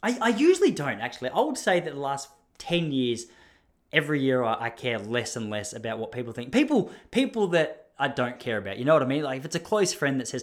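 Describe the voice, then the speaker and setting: A man's voice: medium pitch, big pitch swings, fast talker. An Australian man hosting a podcast, telling a self-deprecating story in a rambling way, with many restarts and chuckles. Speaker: podcast host. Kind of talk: casual storytelling monologue.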